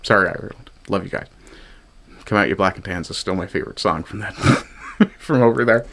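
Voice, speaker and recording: A man's voice: low voice, a little fast, creaky, a bit bright, a little hiss or hum. A man from Newfoundland giving sarcastic, profane reaction commentary on clips. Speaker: commentary streamer.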